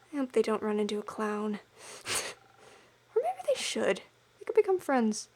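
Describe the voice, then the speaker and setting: Playful woman streamer, high lively voice. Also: moderate pace, pauses often, faint music behind. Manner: playful, giggly asides, often half-whispered. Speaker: game streamer. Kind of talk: let's-play commentary.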